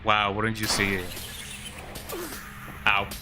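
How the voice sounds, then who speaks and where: Fighting a cold, a man streams a video game and chats in a laid-back way, ending his lines with "eh?". His voice is fairly low and monotone, he speaks slowly, and there's noise in the background.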